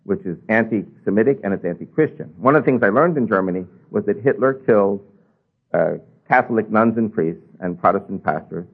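Husky man telling a testimony over radio. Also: lowish voice. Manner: animated storytelling with rises and drops. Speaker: speaker giving a testimony. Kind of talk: personal testimony talk. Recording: tinny phone-like radio broadcast.

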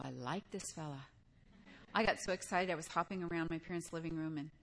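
A woman's voice: lowish voice, fairly bright tone. An older woman preaching a sermon in a conversational way, weaving in personal stories and asking her listeners direct questions.

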